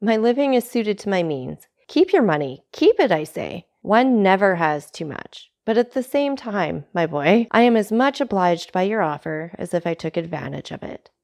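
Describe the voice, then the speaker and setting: A woman's voice: mid-range voice, sing-song, normal speed, creaky, hardly any pauses, a little mellow. A woman reading aloud, voicing a greedy, fawning young male tailor who talks in a hearty, ingratiating way, in a storybook.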